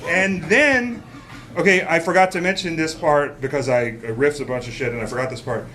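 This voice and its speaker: A man telling a comic story on a small cabaret stage, rambling and animated with many fillers and asides. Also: a little high, brisk, faint music behind. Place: small cabaret stage before a live audience.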